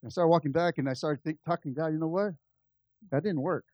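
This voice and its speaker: A man preaching with a fairly high voice, recorded dry and close. He tells a personal story to his church, dropping to quiet asides and then rising to loud, lively peaks. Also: fast talker, dry recording, muffled recording. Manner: animated, swings from soft asides to loud climaxes. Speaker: pastor. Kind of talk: storytelling sermon.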